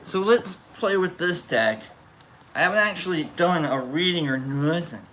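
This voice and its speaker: A man casually chatting on a livestream as its host, rambling and playful, quick to get excited. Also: a little high.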